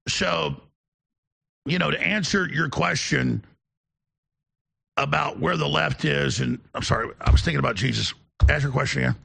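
Gravelly, preachy man talking fast. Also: on the high side, a bit bright. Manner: preachy, rambling, self-interrupting. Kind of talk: casual political chat.

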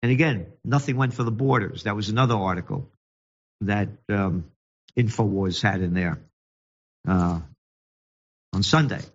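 A man hosting his own show, delivering indignant, mocking political commentary that alternates rapid reading with slow, emphatic jabs. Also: on the low side, muffled recording. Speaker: show host and magazine publisher.

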